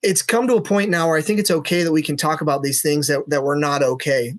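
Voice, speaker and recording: A middle-aged man, a SWAT officer guest, telling a personal story in a podcast interview, earnest and halting with many fillers and restarts. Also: on the high side, steady tone.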